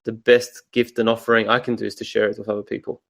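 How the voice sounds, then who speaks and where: A man with an Australian accent, a coach speaking as an interview guest, calm and thoughtful with soft pauses. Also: on the low side, vocal fry. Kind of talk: reflective interview answers.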